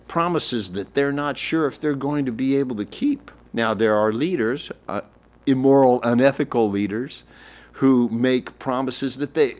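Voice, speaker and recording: Emphatic man teaching a relationship talk. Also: medium pitch. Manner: emphatic, repeats and rephrases points; coaching, acts out example phrasings.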